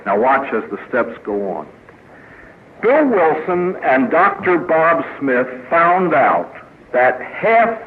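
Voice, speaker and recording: Male priest speaker, animated and funny, tinny archival tape. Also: medium pitch. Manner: storytelling with punchlines, voices quoted characters. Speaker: priest speaking at a recovery meeting. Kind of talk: humorous inspirational talk. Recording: tinny lo-fi archive recording with faint hiss.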